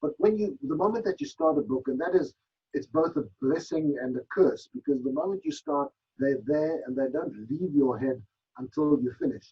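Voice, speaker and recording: A man with a gravelly, husky voice and a lively, swinging pitch. He answers interview questions thoughtfully, often restarting as he searches for words. The sound is dull and lo-fi. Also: normal speed. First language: Afrikaans. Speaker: author guest. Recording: dull lo-fi broadcast audio.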